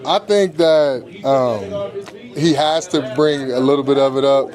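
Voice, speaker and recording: A man's voice: mid-range voice, measured pace, a crowd in the background. A male pro football player answering reporters in a laid-back, slangy way, with lots of "you know". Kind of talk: locker room media interview.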